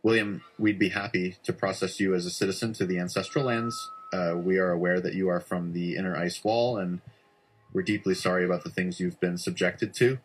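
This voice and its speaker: A man voicing a stern but sympathetic officer who speaks formally and urgently, in a low, flat voice. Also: brisk, faint music behind, close to an everyday voice, poor audio.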